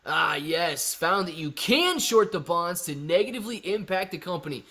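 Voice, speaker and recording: A man hosts a live stream, chatting casually with viewers, reading their questions aloud and explaining his answers in a laid-back manner. His voice is high and sharp-toned, with lively intonation and a normal pace.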